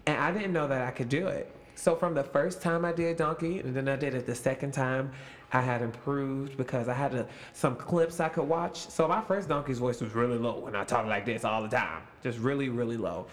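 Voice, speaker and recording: A man's voice: medium pitch, fairly quick. A man in his late twenties, an actor, chatting with young castmates in a casual, upbeat, playful interview.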